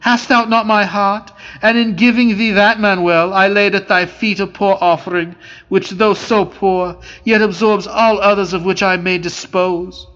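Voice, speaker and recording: A man reading aloud voices a young countess who hides an affair, talking in a pleading hush. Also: high voice, steady tone, unhurried, highs cut off, pitched above the performer's own voice. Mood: tender. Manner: pleading, hushed and breathless. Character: unfaithful young countess, anxious and tender.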